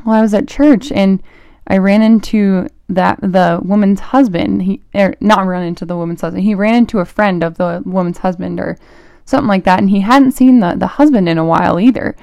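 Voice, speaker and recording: Young woman, college age, casual faith podcast host; chatty, filler-heavy, mellow tone, dry close sound. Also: mid-range voice, vocal fry, no echo. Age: young adult, college student. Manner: chatty and animated, full of "like" fillers, quick laughs.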